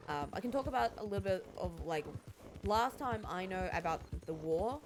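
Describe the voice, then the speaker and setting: A woman's voice: medium pitch, animated, background noise. A woman streamer rambling casually to her viewers while she plays, telling stories from her game. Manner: chatty, rambling, recounts scenes with quick voice changes.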